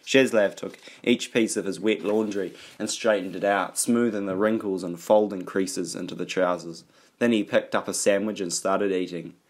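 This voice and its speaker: A man reading an audiobook aloud in a steady, even storytelling manner. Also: sits low, moderate pace. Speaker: audiobook narrator. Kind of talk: audiobook narration.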